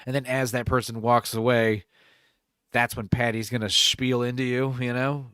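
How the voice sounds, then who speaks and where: This podcast co-host is a man with a medium-pitched, flat delivery at a normal speed. His tone is fairly bright, clear and resonant, captured with clean studio sound and no echo. He chats casually, swears freely and drops into mock voices.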